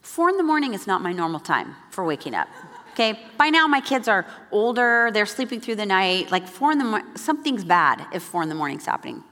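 A woman giving a devotional talk at a church gathering, telling a personal story with animated delivery and acting out the voices she quotes. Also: mid-range voice, brisk. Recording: long hall reverb.

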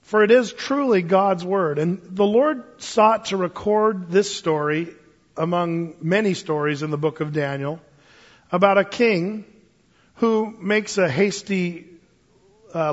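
A man preaching a sermon as pastor, enthusiastic and animated, with fillers and small chuckles, recorded in a church. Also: high-pitched, slow. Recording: dull sound with long church reverb.

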